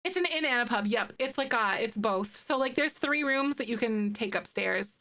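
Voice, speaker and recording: A woman's voice: a little high, expressive, moderate pace, pushed and bright. A woman from Wisconsin with a Midwestern accent, chatting casually with her viewers on a live stream and laughing often. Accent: Midwestern American (Wisconsin). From northern Wisconsin, US. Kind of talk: casual live-stream chat while building.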